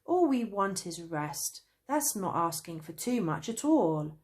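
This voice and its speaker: A woman's voice: on the low side, very animated, takes it slowly, a little mellow. A woman voicing a cross, tired young traveller boy who complains indignantly. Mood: annoyed.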